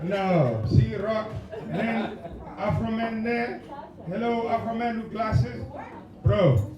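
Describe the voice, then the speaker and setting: A man doing stand-up crowd work, with loud shouted bursts in between. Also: sits high, takes it slowly. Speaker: stand-up comedian. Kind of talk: stand-up comedy set. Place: comedy club stage. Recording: roomy live venue, mic at distance, audience. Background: laughing audience.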